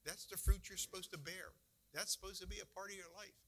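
A man's voice: sits high, fairly even intonation, a little fast, pushed and bright, rough recording. A man pastor giving a folksy, conversational sermon with emphatic bursts.

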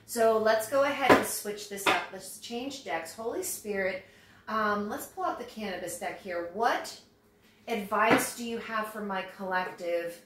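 A woman's voice: medium pitch, fairly bright tone, a little hiss or hum. A woman giving a tarot reading to her viewers, talking in a chatty, reassuring way. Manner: conversational, reassuring, acts out quoted voices. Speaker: tarot reader. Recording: roomy echo.

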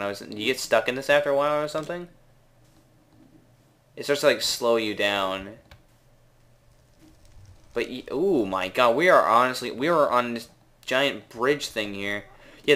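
Rambling young Canadian gamer. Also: male voice, medium pitch, bright, forceful tone. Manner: rambling, unsure, drawn-out words, laughs at himself. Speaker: gaming video maker. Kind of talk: casual gameplay commentary.

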